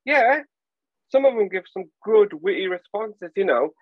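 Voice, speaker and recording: A man from England chats casually on a podcast, spinning animated stories and slipping into voices. His voice sits a little high. The recording is dry and a touch dull. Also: unhurried, no room sound. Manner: animated storyteller, acts out voices. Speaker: podcast guest. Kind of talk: casual chat.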